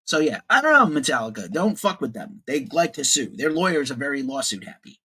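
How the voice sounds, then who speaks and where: A man's voice: mid-range voice, very animated, brisk, pushed and bright, slightly rough. A man in his forties hosting a casual livestream news show, opinionated and profane, greeting viewers in the chat.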